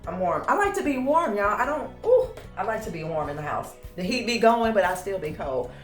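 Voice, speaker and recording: A woman's voice: medium pitch, sing-song, brisk, soft background music. Chatty woman vlogging in an echoey kitchen. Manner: chatty, addresses viewers as y'all. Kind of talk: casual home vlog chat. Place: home kitchen, indoors. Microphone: handheld phone camera.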